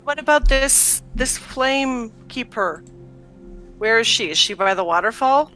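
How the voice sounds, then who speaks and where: A woman's voice: a little high, expressive, measured pace, bright, forceful tone. A woman playing a character in a tabletop game, blunt and impatient, with music faintly behind. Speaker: player. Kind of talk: tabletop game role-play.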